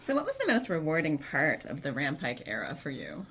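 A woman's voice: deep voice, huge pitch swings, brisk, a bit bright, breathy edge. A woman interviewing a guest, asking short questions and reacting with brief laughs.

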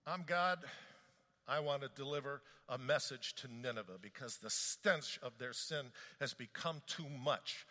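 A man's voice: fairly high pitch, bright, forceful tone, long reverb tail. A man speaking as God laying out a plan. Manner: explanatory, matter-of-fact.

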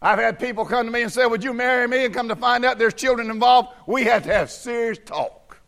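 A man preaching a sermon in church, swinging from hushed, low tones to shouted fervor. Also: fairly quick, gravelly.

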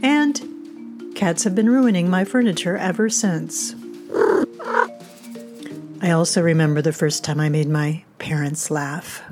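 A woman's voice: lowish voice, unhurried, long pauses, music in the background. A woman from the United States hosting a podcast, telling a scripted humorous story in a wry, self-mocking way. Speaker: podcast host.

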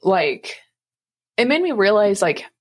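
Husky young woman chatting with fillers. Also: medium pitch, sing-song, takes it slowly. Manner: rambling, many fillers, laughs often. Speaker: podcast co-host. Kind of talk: casual faith podcast chat.

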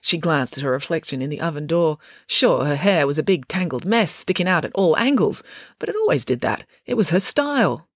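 A woman narrating a children's storybook in an expressive, playful reading. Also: low-pitched, a little fast, dry recording, clean studio sound. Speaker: author and narrator.

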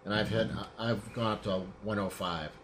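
A man's voice: fairly low pitch, normal speed, fairly bright tone, slight background noise. A man in a casual chat about his motorcycle, talking in an easygoing, hesitant way that often trails off. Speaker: co-host, motorcycle rider.

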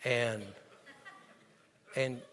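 A man's voice: mid-range voice, flat delivery, extremely slow, a bit bright. Man preaching in a reverberant church. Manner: earnest, storytelling with quoted dialogue. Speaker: pastor. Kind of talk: sermon. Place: church sanctuary. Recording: long hall reverb.

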